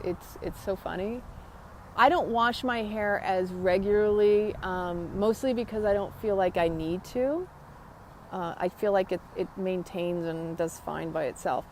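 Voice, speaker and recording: A woman chats loosely through a live wellness stream, wandering off on tangents and greeting viewers as they join. Her voice sits at a middle pitch. A faint noise hums under the recording. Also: darkish tone. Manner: chatty, rambling, greets viewers by name. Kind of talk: casual live chat about yoga and wellness.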